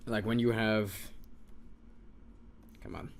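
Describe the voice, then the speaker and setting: A man's voice: lowish voice, takes it slowly, gravelly, slight background noise. A man teaching an informal lesson, patiently repeating sounds and muttering to himself while he writes. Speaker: Hebrew teacher.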